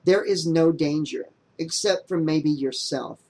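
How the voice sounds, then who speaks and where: A man voicing a skeptical young woman in an audiobook, with a dry and flat delivery. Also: fairly high pitch, measured pace. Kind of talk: audiobook character voice.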